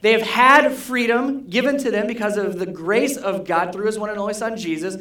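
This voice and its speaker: A pastor gives a relaxed, conversational sermon in a roomy church sanctuary, and the voice echoes around the space. The speaker keeps checking in with the congregation through quick questions and circles back to the same key words. The pitch sits in a middle range. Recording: roomy hall echo.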